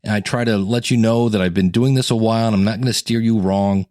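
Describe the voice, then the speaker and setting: Low-voiced, chatty male podcast coach. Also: fairly even intonation, fast talker, a little mellow, no echo, studio quality. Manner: conversational, acts out quotes with sudden jumps in pitch. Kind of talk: casual teaching podcast monologue.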